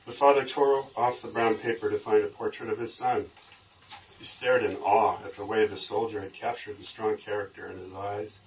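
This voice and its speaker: A man in a Bible study group reading a story aloud in a steady storytelling voice, recorded from a distance with a dull sound. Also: lowish voice, normal speed, slight background noise.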